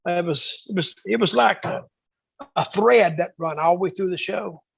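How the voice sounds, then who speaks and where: Gravelly and husky, his high-sitting voice moves at a moderate pace as he spins rambling backstage stories in a casual interview, performing the quoted dialogue. The recording is dry and low in quality.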